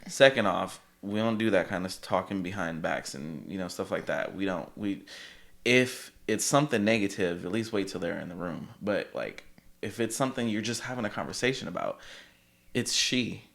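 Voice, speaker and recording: A man's voice: low voice, expressive, normal speed, creaky, a bit bright. A man talking as an interview guest, easygoing, laughing as he tells stories. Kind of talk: casual interview chat.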